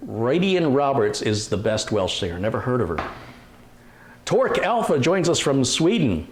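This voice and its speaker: A man's voice: medium pitch, sing-song. Guy doing a live stream, reading chat comments w/ jokes, faint hiss behind. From Detroit, USA. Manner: chatty, reads out comments with quick asides and laughs. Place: home computer workshop.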